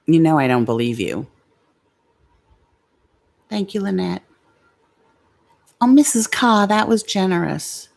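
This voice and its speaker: A woman's voice: on the low side, expressive, slow pace, vocal fry, long pauses, a little mellow. A middle-aged woman hosting a casual livestream, blunt and confrontational with commenters, swearing freely. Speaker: livestream host.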